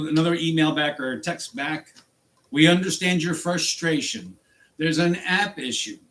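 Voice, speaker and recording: An angry man from the United States ranting in a vlog about his work as a rideshare driver, exasperated and jumping in pitch. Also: a bit bright, low-quality recording. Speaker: rideshare driver and channel host.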